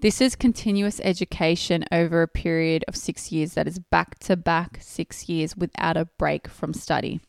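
A woman's voice: on the low side, steady tone, no echo. Aussie woman podcasting, explains things step by step, dry close sound. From Australia. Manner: clear, methodical explaining with pauses to rephrase. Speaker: podcast host.

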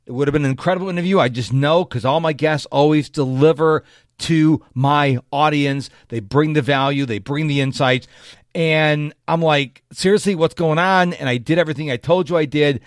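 A man's voice: a little high, normal speed, no room sound, clean studio sound. A man hosting a solo podcast, talking straight to his listeners in a chatty, self-correcting way. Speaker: podcast host. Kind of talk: solo motivational podcast monologue.

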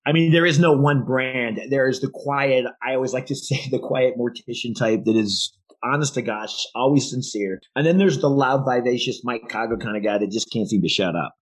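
A man's voice: medium pitch, moderate pace, few pauses, slightly rough, poor audio. A man co-hosting a casual sales podcast, talking emphatically and rambling with restarts. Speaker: podcast co-host.

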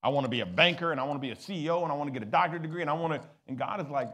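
Male pastor, high voice, call-and-response sermon to a congregation. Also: racing. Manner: preaching, rising to loud exhortation, calling for responses.

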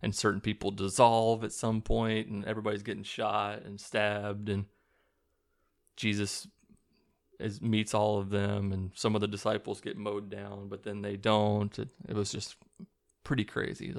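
A man's voice: lowish voice, completely flat delivery, measured pace, vocal fry. A man casually recapping a movie plot in a rambling, chuckling way, swearing and restarting as he goes. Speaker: movie reviewer.

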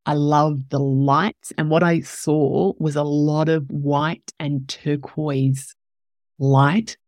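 A woman's voice: sits low, level tone, slow, a little mellow, dry recording. A woman hosting a podcast, telling a personal story in an emotional, candid way and growing teary as she talks. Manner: emotional, tearful at moments, candid with swearing. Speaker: podcast host.

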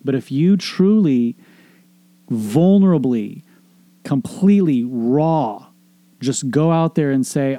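A man's voice: mid-range voice, lively intonation, slow, dark tone, no room sound. A middle-aged man hosting a show, giving an earnest, emphatic motivational monologue on relationships, with casual swearing and repeated phrases. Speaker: podcast host, relationship coach.

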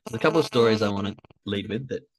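A man's voice: on the low side, quick pace, noisy background. A man hosting a casual motivational call, talking to a live chat in a loose, conversational way full of fillers. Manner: conversational, uses many fillers, acts out quoted thoughts. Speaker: podcast host.

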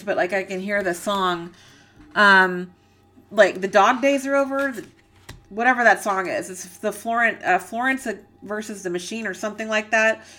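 A woman's voice: mid-range voice, sharp tone. A woman giving a channeled reading, earnest and emotional, rambling and searching for words with many fillers. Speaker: psychic reader.

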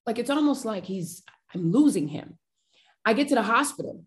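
A woman's voice: on the high side, normal speed. A woman, a podcast guest, telling a personal family story with feeling and acting out the dialogue. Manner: emotional, animated retelling with quoted dialogue.

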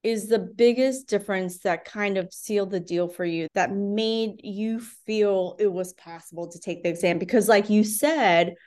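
A woman at middle pitch hosts a casual podcast interview. She encourages her guest and asks long, leading questions. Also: normal speed, hardly any pauses, a little mellow. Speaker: podcast host and exam prep coach.

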